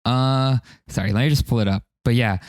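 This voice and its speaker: A male podcast host talking casually on his own, swearing freely and restarting his sentences as he goes. His voice sits at an ordinary middle pitch. The recording is dry and close. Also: fairly quick, a little mellow, dry recording. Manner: rambling, profane, self-interrupting. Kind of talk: casual solo podcast monologue.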